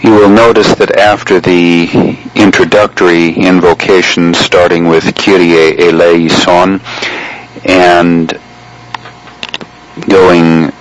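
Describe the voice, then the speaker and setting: A man teaching liturgical chant in a measured, explanatory way, pausing often between phrases. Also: sits low, little pitch movement, a little hiss or hum, rough recording. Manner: measured, explanatory, with frequent pauses. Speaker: chant instructor. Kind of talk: spoken lesson on chant.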